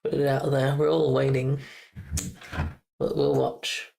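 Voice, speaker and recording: Slow, creaky and dark-toned, this young woman's bass voice stays level as she chats on her live stream. She playfully repeats words from a game, giggling and cracking jokes.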